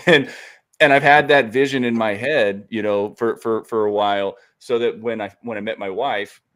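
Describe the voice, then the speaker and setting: Co-host, man with a fairly low voice, relaxed chatty storyteller who laughs easily. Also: moderate pace. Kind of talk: casual chat. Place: home studio on a live stream.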